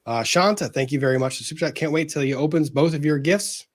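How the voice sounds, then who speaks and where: A man's voice: a little high, fast talker. A man hosting a casual livestream, earnestly thanking viewers as he reads out their super chats.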